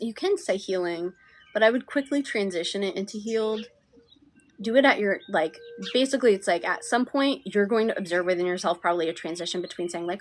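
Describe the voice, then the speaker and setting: Soft-spoken woman coaching outdoors. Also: mid-range voice, expressive, fairly quick, a little hiss or hum. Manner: soft, affectionate, drifting into near-whispers. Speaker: manifestation coach. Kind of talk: live-stream talk answering viewers.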